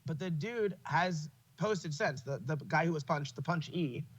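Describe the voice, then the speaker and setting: A man talking in a casual podcast chat, opinionated and profane, often breaking into laughter mid-story. His voice sits a bit high for a man. The sound is dull and lo-fi. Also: unhurried, husky. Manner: profane, opinionated, laughs while telling stories. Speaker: podcast host.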